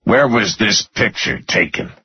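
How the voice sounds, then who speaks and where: A man's voice: on the low side, expressive, unhurried, husky, full character voice. A man voicing a hard, menacing tough man who speaks bluntly and coldly. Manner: cold, blunt, threatening. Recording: muffled lo-fi audio.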